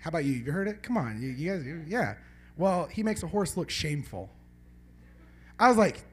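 A man in the middle of a loose stand-up set at a small club, talking high and swooping all over his range. He wanders off his jokes, swears freely and keeps teasing people in the audience. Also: big pitch swings, fairly quick, slightly rough. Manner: rambling, profane, bantering with the audience. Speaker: stand-up comedian. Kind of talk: live stand-up set with crowd banter. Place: small live comedy venue.

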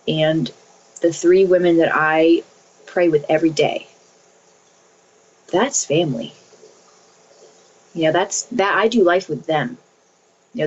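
A woman's voice: lowish voice, muffled recording. A woman in her thirties answering interview questions earnestly, repeating phrases as she speaks about faith and family. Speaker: interview guest.

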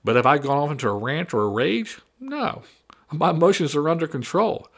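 A man's voice: a little high, very animated, fast talker, fairly bright tone. A man delivering a combative opinion monologue, repeating and mocking his opponents' arguments. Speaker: political commentator.

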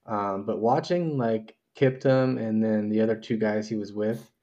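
A man's voice: fairly low pitch, a little slow, highs cut off. A man co-hosting a podcast, describing what he watched in casual chat, loose and full of fillers. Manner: loose, animated telling with many fillers. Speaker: podcast co-host.

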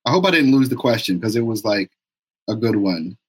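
A man hosting a casual live-stream interview, relaxed and laughing often. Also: fairly low pitch, a little fast, slightly rough. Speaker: show host.

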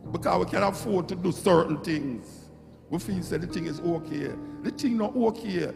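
A middle-aged Jamaican man with a high, gravelly voice delivers an impassioned, preachy monologue, repeating phrases to hammer his points home. The recording is echoey, from a hall with loud music playing.

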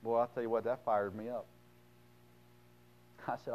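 A pastor preaches a sermon, reading scripture aloud and then bluntly retelling it in plain words, swinging suddenly between loud emphasis and quiet asides. His voice is medium-pitched with a level tone and a moderate pace. The recording quality is low.

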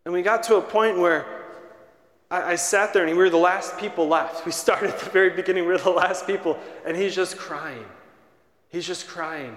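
A man's voice: sits high, normal speed, fairly bright tone. Young male priest, chatty storytelling homily, lingering church echo. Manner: storytelling, conversational. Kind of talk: homily to children. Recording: echoey church, long reverb.

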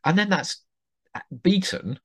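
A man in casual podcast chat, gushing excitedly as he comments on what he is watching and tells lively anecdotes. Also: high voice, slow, slightly rough. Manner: excitable, gushing, animated storytelling. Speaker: podcast guest.

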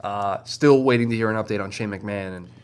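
A man's voice: on the low side, fairly quick, smooth. A man co-hosting a podcast in casual chat, emphatic and insistent as he builds his points step by step. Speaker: podcast co-host.

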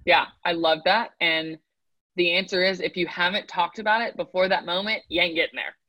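A woman coach talking in an emphatic, conversational way and tagging her points with "right?". Her voice is bright and a little low-pitched for a woman. It is recorded close and dry. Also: steady tone, a little fast, dry recording, low-quality recording. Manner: emphatic, repeats "right?" often. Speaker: mental performance coach guest. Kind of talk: casual podcast conversation.

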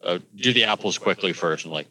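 A man's voice: low-pitched, expressive, fairly quick, pushed and bright, rough recording. A man playing a tabletop game, dry and matter-of-fact. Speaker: player.

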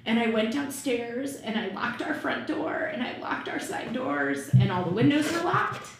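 A woman's voice: fairly high pitch, big pitch swings, moderate pace. Woman guest, 30s, frank and profane storyteller, very echoey room with faint background noise. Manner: frank, swears freely, laughs often. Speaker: podcast guest. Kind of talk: candid personal storytelling.

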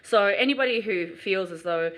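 Bubbly woman, bright tone. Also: medium pitch, normal speed. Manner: bubbly, giggly, many fillers. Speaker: podcast host. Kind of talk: casual podcast chat.

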